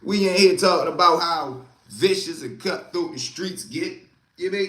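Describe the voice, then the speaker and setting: A man's voice: on the high side, normal speed, sharp tone, reverberant. A man hosting a casual livestream, talking street life in a streetwise storytelling way and greeting viewers by name. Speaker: livestream host.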